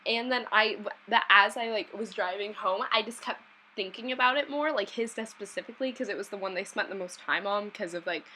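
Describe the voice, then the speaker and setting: A woman's voice: mid-range voice, fairly quick, pushed and bright, slight background noise, low-quality recording. A young woman chatting casually as a vlogger, rambling with many fillers and restarts. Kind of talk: casual chat.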